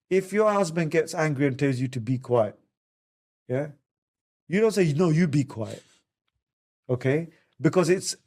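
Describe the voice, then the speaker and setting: A man talking on a podcast as a family counsellor, animatedly acting out quotes in higher voices. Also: a little mellow. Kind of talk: podcast conversation.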